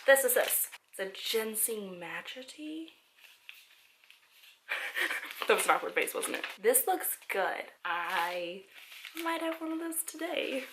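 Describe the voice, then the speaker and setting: A woman chatting casually as she unboxes a package at a table, excitable and giggly, talking to the items as she finds them. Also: on the high side, takes it slowly, pauses often, noisy background. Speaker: vlogger. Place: indoors at a table.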